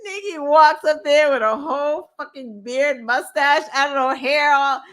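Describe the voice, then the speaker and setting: High, bright, animated woman ranting. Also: measured pace. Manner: animated, incredulous, profane, laughing asides. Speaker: podcast host. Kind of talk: casual political commentary.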